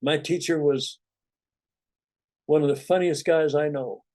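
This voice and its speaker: Mellow, relaxed male meditation teacher. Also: a little high, a little slow, no echo. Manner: relaxed, rambling, conversational, many "you know"s. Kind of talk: informal spiritual talk to students.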